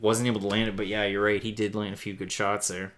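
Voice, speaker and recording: A man with a low voice calls the action as co-host of a live fight watch-along. He gives steady play-by-play and turns often to the viewers at home. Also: fast talker, slight background noise.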